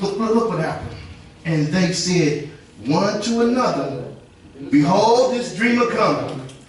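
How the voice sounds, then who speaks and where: A man preaching a sermon, telling lively stories and drawing responses from the congregation. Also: on the high side, a little hiss or hum. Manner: animated storytelling with call and response. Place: church sanctuary. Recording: distant echoey church recording.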